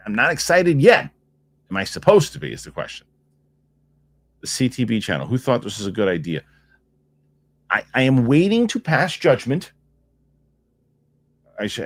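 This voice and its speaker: A man's voice: lowish voice, dry recording. A man hosting a live stream, chatting casually and rambling, repeating himself as he reacts to viewer comments. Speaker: host of a film news live stream.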